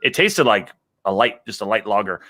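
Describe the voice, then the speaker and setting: A man in casual beer-drinking chat, a relaxed, joking storyteller. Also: on the low side, moderate pace. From United States. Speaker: guest YouTuber.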